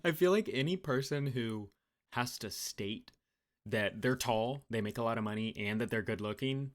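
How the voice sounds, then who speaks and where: A man's voice: medium pitch, moderate pace. A man in his twenties co-hosting a podcast, laid-back and agreeing often in casual chat. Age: 20s. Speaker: podcast co-host.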